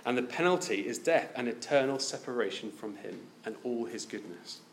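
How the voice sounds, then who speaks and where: A man's voice: medium pitch, expressive, moderate pace, a little hiss or hum. A man preaching a sermon, asking his listeners many direct questions.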